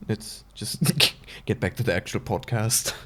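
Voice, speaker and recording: A man's voice: lowish voice, steady tone, unhurried. A man with a German accent co-hosting a podcast in casual chat, dry and teasing. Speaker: podcast co-host.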